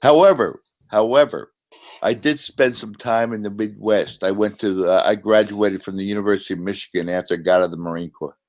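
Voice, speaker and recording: A man's voice: fairly low pitch, fairly quick, darkish tone. A man with a New Jersey accent in a casual group voice chat, brash and teasing.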